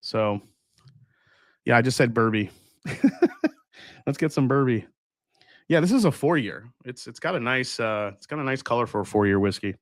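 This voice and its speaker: Casual male livestream host, relaxed and chatty, dry close mic. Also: mid-range voice, moderate pace, pauses often, no room sound. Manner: relaxed, chatty, many fillers and restarts. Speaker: livestream host tasting whiskey. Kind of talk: casual live chat reading viewer comments.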